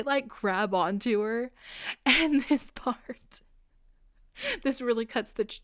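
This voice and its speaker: A young woman talks through a movie's plot like she is catching a friend up, swearing freely and tossing in little voices for the characters. Her voice is smooth and clear, and it is recorded close and dry, with no room sound around it. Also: a little high, a bit bright, no room sound. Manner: chatty and profane, retelling scenes with quick put-on quotes. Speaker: podcast host. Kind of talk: casual film recap.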